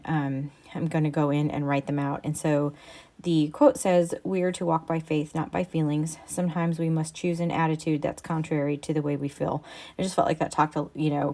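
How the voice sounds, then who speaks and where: A woman narrating her journaling craft work in a relaxed, meandering way, with many ums and restarts. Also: low-pitched. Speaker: craft vlogger. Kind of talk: casual voice-over narration of crafting.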